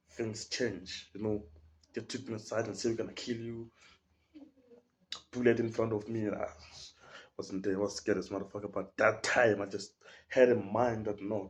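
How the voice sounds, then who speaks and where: A man's voice: fairly low pitch, a little hiss or hum. A young man with a South African accent, telling a story in a casual podcast chat, full of slang and acting out the people in it. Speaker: podcast guest.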